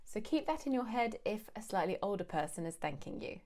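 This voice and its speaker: A woman's voice: mid-range voice, very animated, brisk, darkish tone. Woman teaching English phrases. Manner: clear, explanatory, acts out example phrases. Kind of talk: scripted language lesson.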